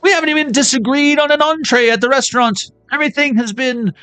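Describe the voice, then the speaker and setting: A man's voice: very high-pitched, fast talker, bright, forceful tone, clean tone, no room sound, soft background music, pitched above the performer's own voice. A man putting on the voice of a giddy, lovestruck man who gushes in a sing-song way.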